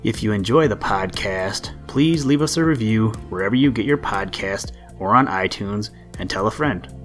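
Lower-voiced man reading a children's story. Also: lively intonation, normal speed, faint music behind. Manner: gentle, lilting read-aloud with voiced characters. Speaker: podcast host and storyteller.

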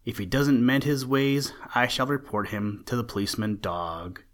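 Man voicing a fussy old gentleman rabbit from a storybook, exclamatory, a bit raised in pitch. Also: moderate pace, natural voice. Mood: huffy. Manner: exclamatory, scolding, old-fashioned.

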